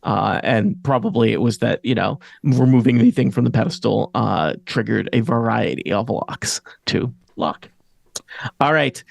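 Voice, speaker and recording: A man's voice: medium pitch, moderate pace, gravelly, dry recording. A man narrating a tabletop game as game master, rambling with many fillers and chuckles.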